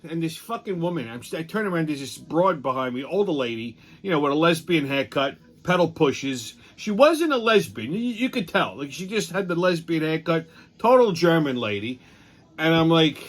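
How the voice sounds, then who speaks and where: A man's voice: on the high side, animated, brisk. A man, hosting a show and telling a rambling, profane story about his aggravation. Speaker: host. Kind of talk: casual storytelling rant.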